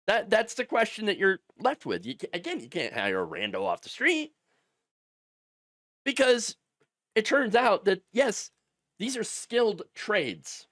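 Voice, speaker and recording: A man's voice: sits high, huge pitch swings, unhurried, fairly bright tone, dry recording, studio quality. A man hosting political commentary, talking in a sarcastic, heated and emphatic way. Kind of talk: opinion commentary.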